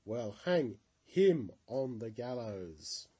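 A man voicing a king who speaks in a slow, stately way. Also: mid-range voice, very animated, warm tone, breathy edge, highs cut off, full character voice. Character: grand male king, generous then angry.

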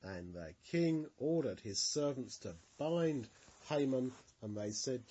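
A man telling a bible story to children in a gentle, expressive way. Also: mid-range voice, slow, husky, lo-fi sound.

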